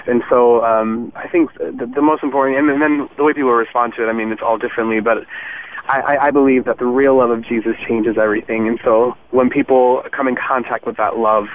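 A young man speaking earnestly as a guest musician in a casual interview, with frequent "um" fillers. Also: mid-range voice. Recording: tinny phone line, faint hiss.

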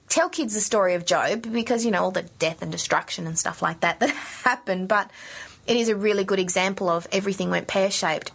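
Bright-voiced, bubbly woman, a middle-aged puppeteer guest on radio. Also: fairly low pitch, creaky, husky. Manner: bubbly, animated, laughs often. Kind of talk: radio interview chat.

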